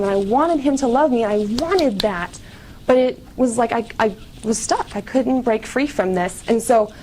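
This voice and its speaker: A young woman speaking at a conference, telling her personal testimony in an earnest, confessional way, with fast bursts and frequent "like". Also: a little high, a little mellow, low-quality recording. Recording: faint background noise, live event.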